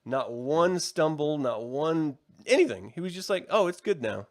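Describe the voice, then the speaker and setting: A man co-hosting a casual review podcast, talking in an animated, profane way and acting out characters' lines. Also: on the high side, normal speed. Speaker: podcast co-host.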